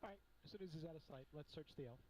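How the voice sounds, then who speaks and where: A man's voice: on the high side, racing, darkish tone, slight background noise, low-quality recording. A man playing a tabletop game, partly in character, speaking in a plain, practical way. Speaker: player.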